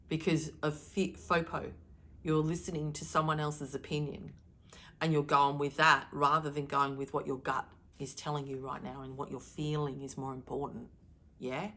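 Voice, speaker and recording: Middle-aged woman, lowish voice, emphatic and animated, doing a channeled card-reading message. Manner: emphatic, animated, deliberately shifting tone. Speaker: spiritual card reader. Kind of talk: channeled daily message to viewers.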